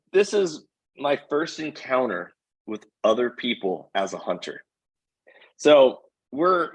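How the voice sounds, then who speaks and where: A man, a podcast guest, telling an animated hunting story and acting out the voices of the people in it. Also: medium pitch, rough recording.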